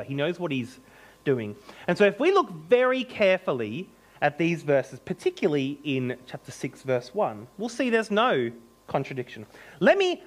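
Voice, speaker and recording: A man preaching a sermon as pastor, emphatic and animated, with joking asides. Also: fairly high pitch.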